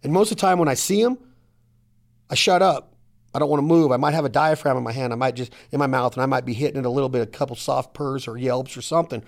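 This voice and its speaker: A middle-aged man hosting a casual hunting podcast, talking in an energetic, emphatic, rambling way. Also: mid-range voice, quick pace. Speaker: podcast host.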